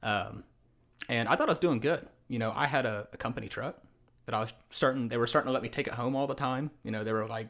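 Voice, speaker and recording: A young man in his twenties, a podcast guest, telling a casual story with animated quoted voices and frequent laughter. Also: medium pitch, a little fast.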